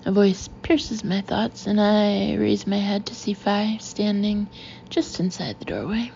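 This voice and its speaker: A woman narrating a novel in the first person, with an even, confiding storytelling manner. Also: mid-range voice, unhurried, vocal fry, highs cut off, a little hiss or hum. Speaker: audiobook narrator.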